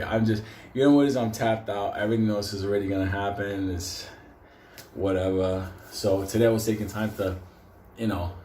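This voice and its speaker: A man's voice: fairly low pitch, a little mellow. A man rambling in a casual rant, swearing constantly and breaking into laughter as he jokes. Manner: profane, laughs often, loose and joking. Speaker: host. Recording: roomy echo, faint background noise.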